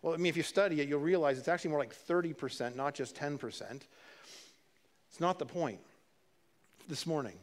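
A man's voice: on the high side, brisk, long pauses. A man preaching a sermon in a conversational way, often repeating words and restarting phrases, with dry humorous asides. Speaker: pastor.

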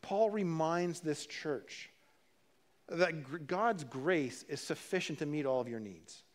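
A man preaching a sermon in a relaxed, conversational way, his voice sitting a little on the high side for a man. He often repeats words and restarts his phrases, and slips in dry, humorous asides. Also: slow. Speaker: pastor.

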